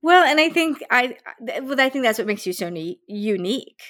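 A woman hosting a casual interview, telling a story in a lively way, swearing freely and quoting herself. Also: fairly high pitch, normal speed. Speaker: podcast host.

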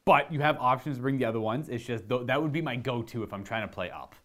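A man's voice: medium pitch, fast talker, a bit bright. A young man from Canada casually answering viewer questions about tabletop wargaming, chatty and rambling with enthusiasm. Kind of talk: casual live Q&A chat.

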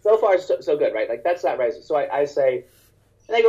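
A man, a stand-up comedian, telling a story in casual conversation in an animated, profane way and acting out other people's lines. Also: mid-range voice, quick pace, highs cut off.

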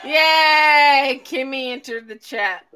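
A woman hosting a casual live stream chat with friends, loud and emphatic, swearing freely. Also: fairly high pitch, normal speed.

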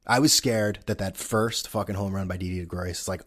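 A man's voice: low voice, fairly even intonation, fairly quick, a bit bright. A man ranting casually about sports, rambling and sarcastic, swearing often.

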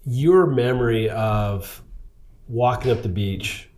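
A man's voice: mid-range voice, darkish tone, a little hiss or hum. Chatty male podcast host. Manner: chatty, quick to react and finish the guest's lines. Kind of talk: casual interview.

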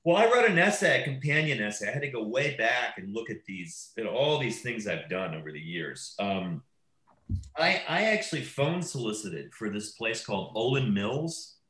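A man's voice: medium pitch, moderate pace, reverberant, poor audio. A man, a documentary filmmaker, telling rambling anecdotes in casual conversation and often breaking off mid-sentence. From Wisconsin. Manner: rambling, self-interrupting, animated anecdotes.

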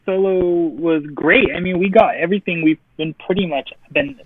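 A man co-hosting a casual movie podcast, enthusiastic, listing things with pauses. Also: on the high side, husky. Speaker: podcast co-host. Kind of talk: casual chat. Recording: tinny phone-like line.

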